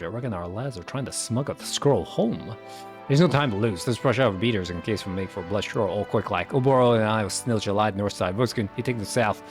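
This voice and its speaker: Man putting on a gruff pirate rogue boss, slang-heavy drawl, slightly low, for a game reading. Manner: thick thieves' slang, drawling. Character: gruff male pirate guild leader, cocky.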